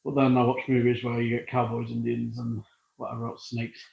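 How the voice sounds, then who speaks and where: A man's voice: mid-range voice, monotone, fairly quick, gravelly, slightly rough, highs cut off. A British man hosting a live stream from his workshop, chatting and rambling casually as he works. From United Kingdom. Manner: chatty and rambling, thinking aloud. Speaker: livestream host. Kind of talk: casual live-stream chat while working. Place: workshop with a balloon printing machine.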